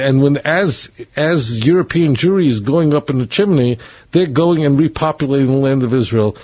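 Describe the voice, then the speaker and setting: A man's voice: mid-range voice, slightly rough. A man delivering an opinionated monologue as a commentator, talking bluntly and emphatically, repeating his points and restarting sentences. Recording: dull lo-fi dry recording.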